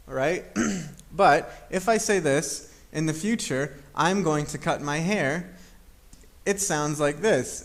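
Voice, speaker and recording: A man teaching an English grammar lesson, explaining patiently, repeating examples and checking in with "okay?". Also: fairly high pitch.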